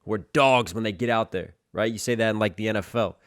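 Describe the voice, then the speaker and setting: A man's voice: lowish voice, fast talker, dry recording, clean studio sound. Man breaking down rap lyrics. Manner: analytical, keeps asking "right?". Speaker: rapper reacting to music. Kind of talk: music reaction commentary.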